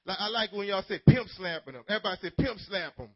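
A man preaching an energetic call-and-response sermon to teenagers as youth pastor, telling stories dramatically. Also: high-pitched, fast, dry recording. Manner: dramatic storytelling, swings from loud to hushed. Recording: dull lo-fi sermon recording.

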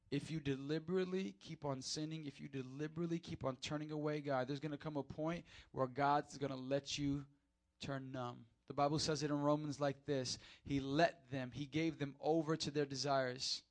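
In a lively, informal church sermon, a young male pastor talks right to his listeners, alternating quiet side comments with loud high points. The voice is slightly high and has a creaky texture.

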